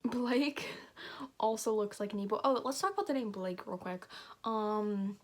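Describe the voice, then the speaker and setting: A woman's voice: mid-range voice, normal speed. A young woman reading a story aloud on her channel, breaking off with casual, sarcastic, sweary commentary. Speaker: YouTuber.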